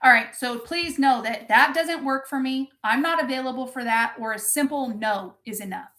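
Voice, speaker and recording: A woman who works as a motivational coach gives a live-streamed motivational talk in a high, sharp voice at normal speed. She is intense and profane, hammering her points home and breaking off to answer viewers in the chat.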